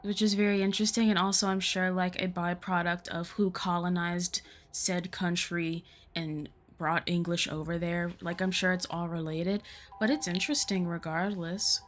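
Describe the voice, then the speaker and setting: A woman's voice: fairly low pitch, level tone, moderate pace, soft background music. A young adult woman streamer giving casual, rambling commentary while playing a game, swearing freely as she talks. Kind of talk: casual let's-play commentary.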